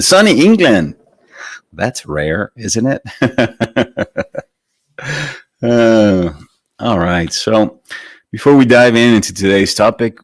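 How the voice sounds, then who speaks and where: A man hosting a weekly live meditation broadcast, chatting gently with viewers and laughing softly. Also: low voice, dry recording. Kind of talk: casual live-stream chat greeting viewers.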